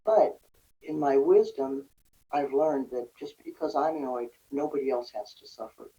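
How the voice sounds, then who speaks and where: A woman's voice: extremely low pitch, normal speed, warm tone. A woman guest on a podcast, talking earnestly about parenting and resilience and acting out little scenes in quoted speech. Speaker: guest, recovery and parenting coach. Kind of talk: conversational podcast advice. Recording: distant dull lo-fi mic.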